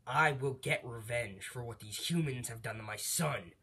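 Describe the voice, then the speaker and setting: A man's voice: mid-range voice, moderate pace, pushed and bright, breathy edge. A man voicing a vengeful fallen angel father who taunts and scorns his enemies, in a casually retold fan story. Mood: mocking.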